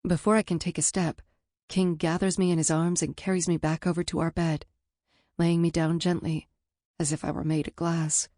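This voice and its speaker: Low, dark-voiced woman narrating an audiobook. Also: little pitch movement, moderate pace, no room sound, clean studio sound. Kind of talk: first-person audiobook narration.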